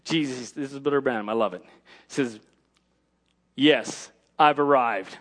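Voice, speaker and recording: A man preaching a sermon, punctuating his lines with "Amen" and rising to shouted emphasis. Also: mid-range voice, measured pace.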